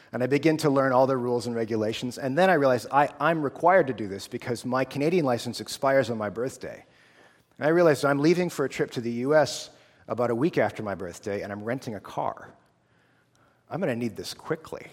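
A man in his thirties from the United States, a theology student telling a personal testimony in an earnest, casual storytelling way. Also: mid-range voice. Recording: long hall reverb.

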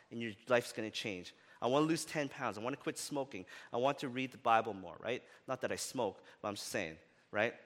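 A male pastor preaching a sermon in a casual, conversational way, often rising for emphasis. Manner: animated, often rising in pitch and loudness for emphasis; conversational with fillers like "right?" and "like". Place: church. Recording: long reverb of a church hall.

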